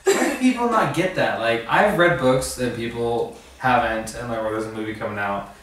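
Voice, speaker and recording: A man's voice: medium pitch, animated, normal speed, fairly bright tone. Emphatic man in an echoey room. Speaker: podcast co-host. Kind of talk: casual group chat. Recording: echoey room, far from mic.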